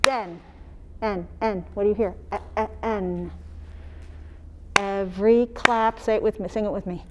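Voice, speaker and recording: A woman teacher demonstrating phonics, sounding out words slowly and singing little chants the way she would for young children. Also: mid-range voice, steady tone, noisy background. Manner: slow, sing-song teacher talk modeling sounds for young children.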